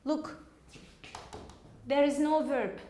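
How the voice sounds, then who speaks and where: Slow, high-voiced woman teaching English. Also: steady tone, mellow, a little hiss or hum. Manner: slow, patient explaining with questions to students. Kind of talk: classroom teaching. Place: classroom. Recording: echoey classroom.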